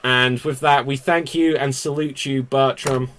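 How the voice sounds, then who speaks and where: A man's voice: mid-range voice, steady tone, measured pace, a bit bright. A man hosting a live improv murder-mystery game over a video call, with a theatrical announcer delivery. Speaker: game host.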